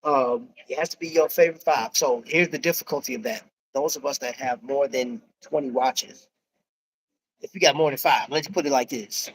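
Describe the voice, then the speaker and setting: A man's voice: mid-range voice, moderate pace, low-quality recording. Slangy American man chatting live. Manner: slangy, joking, calls viewers bro. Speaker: livestream host. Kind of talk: casual live chat. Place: busy restaurant.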